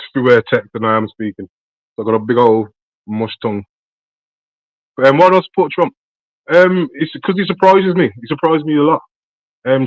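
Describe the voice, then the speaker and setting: A man's voice: mid-range voice, dry recording. A British man on a call, talking in loose, slangy chat full of swearing and ums. The line is dull and lo-fi, and the voice sits dry and close. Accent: British English. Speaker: caller.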